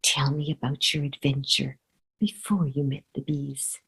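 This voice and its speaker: A woman voicing a protective mother bear in a children's story, who roars fiercely at foes and speaks softly to her cub. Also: extremely low pitch, level tone, unhurried, vocal fry, breathy edge, voice pushed down, exaggerated voice, rough recording. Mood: tender. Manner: roaring at foes, soft and soothing with her cub.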